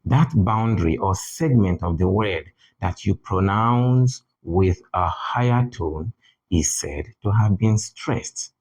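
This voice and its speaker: A man teaching English pronunciation in a deliberate manner, repeating key words for emphasis. English is not his first language. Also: sits low, darkish tone, rough recording. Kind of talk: spoken lesson.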